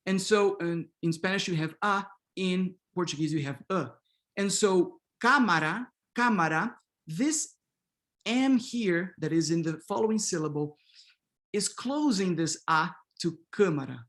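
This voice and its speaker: A man's voice: sits high, unhurried. A man teaches pronunciation in an online workshop, speaking through a video-call microphone. He models each sound by saying example words several times in a row. He keeps checking in with his listeners, asking "okay?" and "right?". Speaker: linguistics professor leading a workshop.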